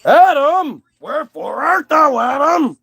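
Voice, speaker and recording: A man voicing a petty, controlling male God who calls out in a high, theatrical voice. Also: big pitch swings, slow, gravelly, pushed and bright, full character voice. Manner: theatrical, raised-pitch calling out.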